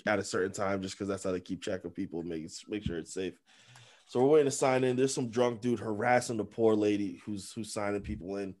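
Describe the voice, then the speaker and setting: A man co-hosting a podcast in casual chat, an animated storyteller who acts out voices and laughs often. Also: fairly low pitch. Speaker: podcast co-host. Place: informal podcast studio.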